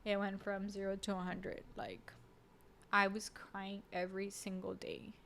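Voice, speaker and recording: A woman as a podcast guest, telling a personal story in an emotional, halting way with many fillers and restarts. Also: mid-range voice, monotone, gravelly, fairly bright tone, a little hiss or hum. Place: podcast studio.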